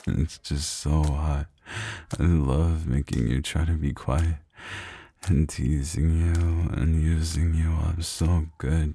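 A man performing an intimate audio role-play in a low, close, murmured delivery, speaking near the microphone. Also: mellow, slight background noise. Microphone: close microphone, speaking near the ear.

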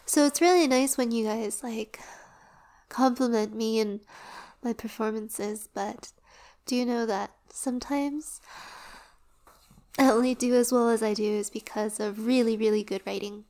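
A sleepy woman chats in a slow, unhurried ramble, her voice sitting a little on the high side. She keeps slipping into soft whispers as she lies back and relaxes. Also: fairly even intonation. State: drowsy, lying down. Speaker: audio performer and creator.

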